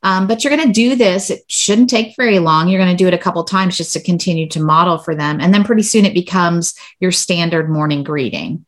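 A woman's voice: fairly low pitch, fairly quick, hardly any pauses. A woman teacher explaining a classroom routine in a casual, enthusiastic way. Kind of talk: casual chat.

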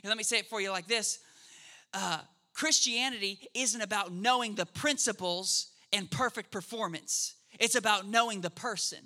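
A man's voice: high-pitched, normal speed. A man preaching a sermon in a conversational way, checking in with the crowd and acting out quoted voices. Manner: acts out quoted voices in a lively way. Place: church service.

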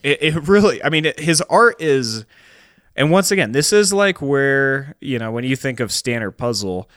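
A man's voice: mid-range voice, sing-song, moderate pace, fairly bright tone, no echo. A man co-hosting a podcast, chatting casually in a rambling way with lots of fillers. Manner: rambling, filler-heavy, enthusiastic. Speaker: podcast co-host.

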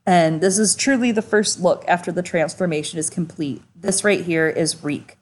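A woman's voice: fairly low pitch, normal speed. A woman co-hosting a podcast in casual chat, enthusiastic and casually profane. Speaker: podcast co-host.

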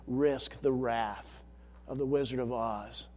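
A preacher playing a furious fake wizard who shouts slowly and booms his threats. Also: steady tone, in a large hall. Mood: bellowing. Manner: shouting, slow and booming. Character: bellowing fake male wizard, angry and imposing.

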